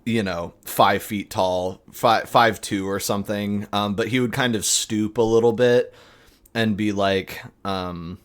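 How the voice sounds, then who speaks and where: A man narrating as game master of a tabletop game, halting, with many fillers and restarts. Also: lowish voice, a bit bright.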